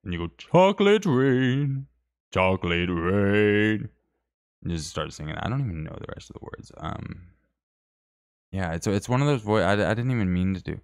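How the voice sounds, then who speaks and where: A man's voice: low voice, fast talker. A man hosting a live stream, reading viewer comments in casual, rambling chat with joking, self-deprecating asides.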